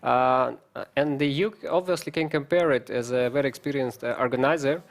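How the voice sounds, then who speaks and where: A co-host puts a long, winding question to his guest. He hesitates often and hunts for the right words. His voice sits at an average pitch for a man. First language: Russian. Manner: halting, searching for words with many fillers. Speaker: co-host, chess grandmaster. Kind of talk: interview questions.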